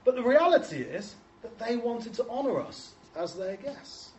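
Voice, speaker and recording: High-voiced Englishman telling funny stories in an echoey hall. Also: very animated, normal speed, a little mellow, dull audio. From England. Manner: chatty, self-mocking storytelling that acts out quoted voices. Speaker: speaker showing photos to an audience. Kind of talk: humorous anecdotal talk. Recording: echoey hall, distant mic, faint noise.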